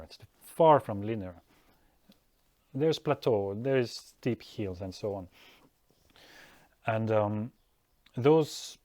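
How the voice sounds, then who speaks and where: A man's voice: medium pitch, darkish tone, no room sound. Thoughtful male art teacher, dry close sound. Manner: thoughtful, unhurried, many restarts and acted-out quotes. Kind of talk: casual podcast-style talk.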